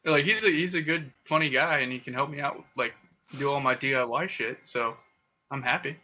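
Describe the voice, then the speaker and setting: A young man with a very bright, forward voice tells crude stories and laughs a lot. He is co-hosting a casual podcast. The recording sounds dull and lo-fi. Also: mid-range voice, fairly quick, a little hiss or hum. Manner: crude, storytelling, laughs often. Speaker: podcast co-host. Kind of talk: casual chat. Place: Okinawa.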